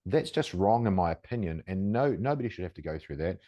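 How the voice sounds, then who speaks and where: A man's voice: low voice, expressive, fast, dry recording, highs cut off. A man hosting a podcast interview, talking in a conversational, rambling way and praising his guest. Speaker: podcast host. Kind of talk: casual interview talk.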